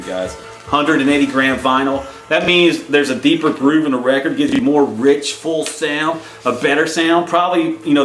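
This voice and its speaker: A man casually showing off his collection to viewers in an excited, rambling way, often calling out to them as guys. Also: mid-range voice. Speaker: collector vlogger. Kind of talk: casual show-and-tell vlog. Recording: echoey room with faint music.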